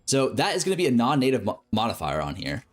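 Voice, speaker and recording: A man's voice: mid-range voice, wildly swooping pitch, fast talker, soft background music. Casual man explaining game crafting. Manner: casual, thinking aloud with fillers and self-corrections. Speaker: streamer.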